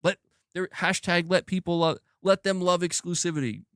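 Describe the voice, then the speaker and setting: A man's voice: high voice, moderate pace, clean tone, no room sound, studio quality. A man hosting a gaming news stream, ranting in a casual, rambling way full of "like" and the odd curse word. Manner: rambling, animated, peppered with "like" and casual swearing. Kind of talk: casual opinion rant on a live stream.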